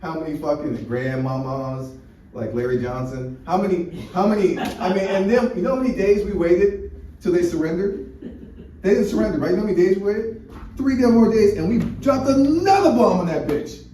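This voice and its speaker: A mellow, high-voiced American comedian talks at normal speed through a crude, wandering stand-up set, often restarting and using fillers. A far-off room mic gives it echo and a slight hiss.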